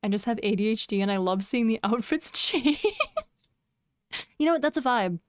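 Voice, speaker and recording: A young woman streams from home and talks casually to her chat, teasing them and breaking into giggles. Her voice sits a little high, and the close mic leaves the sound dry with no room to it. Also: expressive, moderate pace, no room sound.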